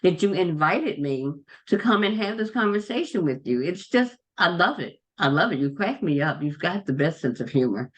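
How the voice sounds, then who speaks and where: Older woman guest, grandmother, relaxed friendly chat, earnest and encouraging. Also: fairly low pitch, moderate pace, hardly any pauses, husky. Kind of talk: casual chat between friends.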